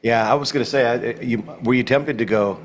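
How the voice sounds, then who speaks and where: A man's voice: medium pitch, brisk, very noisy. A man hosting a podcast interview, reacting to a guest's stories and asking questions. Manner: warm reactive listener, laughs along. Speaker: podcast host. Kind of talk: casual interview.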